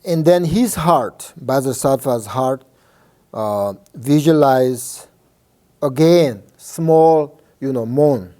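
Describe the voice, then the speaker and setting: Slow, soft-toned Buddhist teacher, a man. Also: medium pitch. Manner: halting, many fillers and restarts; checks in with listeners often. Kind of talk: informal dharma teaching.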